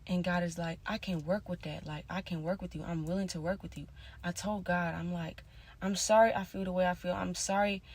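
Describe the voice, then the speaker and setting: A woman talking in a casual confessional monologue, rambling and slangy with constant fillers, drifting between soft mutters and louder bursts. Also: on the low side, steady tone, fairly quick, slightly rough. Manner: rambling, slangy, many "like" and "you feel me". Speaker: vlogger.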